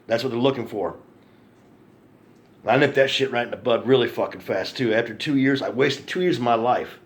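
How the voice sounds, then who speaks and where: A man's voice: mid-range voice, fairly quick. A man telling an angry, profane story to camera in a ranting monologue, repeating himself for emphasis. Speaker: vlogger.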